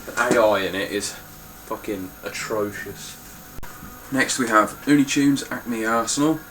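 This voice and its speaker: A man's voice: lowish voice, fairly even intonation, a little slow, a bit bright, slight background noise, low-quality recording. A young man talking casually through his game collection, blunt and swearing freely. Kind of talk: casual spoken collection walkthrough.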